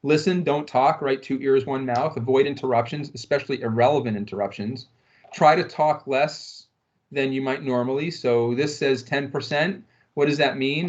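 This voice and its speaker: A man's voice: medium pitch, dull audio. A man leading an online workplace training session, talking in a loose conversational way with fillers and rhetorical questions. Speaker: corporate trainer.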